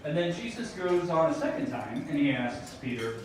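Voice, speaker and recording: A man's voice: a little high, animated, normal speed, background noise. A man, a school board member, gives an informal gala speech from a podium, talking casually with ums and self-deprecating jokes. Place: large banquet hall at a dinner gala. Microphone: podium microphone heard from a distance. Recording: very echoey hall, far from the mic, dishes clinking. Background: clatter of cutlery and dishes.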